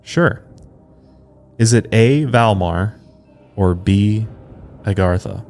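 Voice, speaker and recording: A man's voice: lowish voice, takes it slowly, darkish tone, soft background music. A man hosting a casual podcast quiz game, reading questions and joking with laughs between them. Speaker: podcast host, quizmaster.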